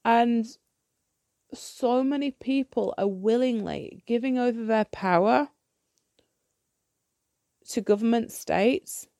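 A woman's voice: on the high side, slow pace, gravelly, long pauses, mellow, dry recording, studio quality. Blunt, ranting woman. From United Kingdom. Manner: blunt, ranting, swears freely; repeats and restarts when heated. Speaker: podcast host. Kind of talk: solo podcast monologue.

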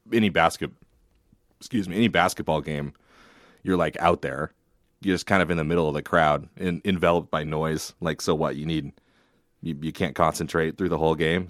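A man co-hosting a podcast in casual chat, relaxed and wry, trailing off into laughs. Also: deep voice, no room sound, studio quality. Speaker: podcast co-host, sportswriter. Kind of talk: casual sports-media chat.

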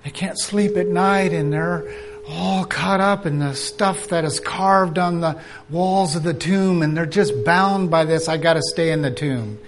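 A man preaching at a conference, animated and acting out quoted voices, sometimes dropping to a whisper. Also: sits high, measured pace. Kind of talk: conference sermon.

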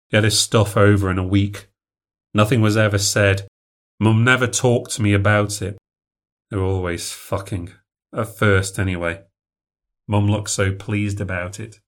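Male narrator for a spoken ghost story; emotional first-person delivery that swells with the drama. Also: lowish voice.

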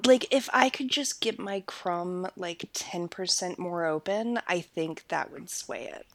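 A woman's voice: on the low side, a little slow, dry recording. A woman co-hosting a podcast, chatting casually and gushing with lots of fillers. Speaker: podcast co-host. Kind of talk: casual chat.

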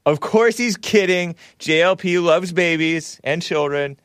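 A man hosting a talk show, giving casual political commentary in a mocking tone with laughing asides and sudden jumps in pitch. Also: measured pace, hardly any pauses, a bit bright, no echo, studio quality.

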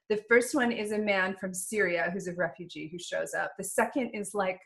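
A chatty woman host talks casually through a stack of books and laughs easily. Her voice sits at a middle pitch. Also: moderate pace, vocal fry. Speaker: podcast host. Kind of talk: casual podcast chat.

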